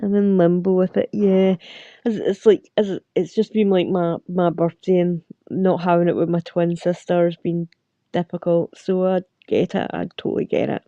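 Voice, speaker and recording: A middle-aged Scottish woman chats loosely with her viewers, full of fillers and little laughs. Her voice is dark and gravelly with a dry, close sound. The recording is a bit dull and lo-fi. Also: fairly low pitch, steady tone, normal speed, no echo. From Scotland. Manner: rambling, filler-heavy, laughs often. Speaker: livestream host. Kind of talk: casual chat with viewers.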